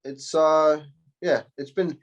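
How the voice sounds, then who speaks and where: A man's voice: on the high side, fairly even intonation, takes it slowly, lo-fi sound. A man, a fighter answering interview questions in a loose, rambling way, speaking through phone earphones. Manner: rambling, loose, full of fillers and restarts. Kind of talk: casual interview over video call.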